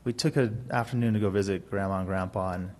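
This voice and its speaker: A man speaking at his grandfather's funeral, talking haltingly and softly and repeating words as he gathers himself. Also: low-pitched, fairly even intonation. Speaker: grandson giving a eulogy. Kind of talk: funeral eulogy. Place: funeral home chapel.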